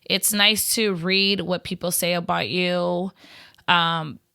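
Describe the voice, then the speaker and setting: A woman's voice: on the low side, steady tone, slow, vocal fry, pushed and bright, clean tone, no room sound, studio quality. A woman business owner chatting in an interview, talkative and laughing often, with lots of "you know" fillers. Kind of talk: casual interview chat.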